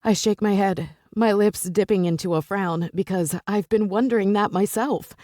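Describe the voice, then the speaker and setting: Woman, romance audiobook narrator, first-person, emotional, mid-pitched, dry close sound. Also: moderate pace, dark tone, no room sound.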